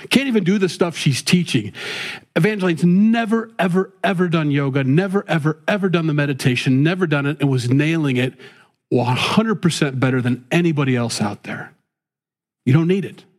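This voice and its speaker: Rambling earnest middle-aged man, higher voice. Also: fairly quick. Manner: rambling, many restarts, folksy and earnest. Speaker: father and faith-based talk host. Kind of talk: casual rambling talk with preaching.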